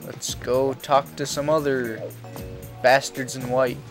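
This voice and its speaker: A man's voice: medium pitch, flat delivery, takes it slowly, over music. A man giving casual, rambling let's play commentary, swearing freely and reading game dialogue aloud.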